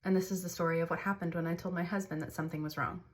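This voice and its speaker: A woman's voice: fairly low pitch, steady tone, rapid-fire. A woman candidly telling a personal story to camera, earnest and conversational, like a storytime vlog. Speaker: mother sharing her story.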